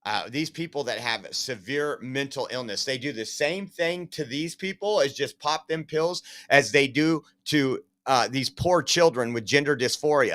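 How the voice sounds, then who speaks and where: A man's voice: mid-range voice, moderate pace, hardly any pauses, fairly bright tone. A man hosting a podcast, giving emphatic, sarcastic, rambling commentary. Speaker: podcast host. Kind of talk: opinionated commentary.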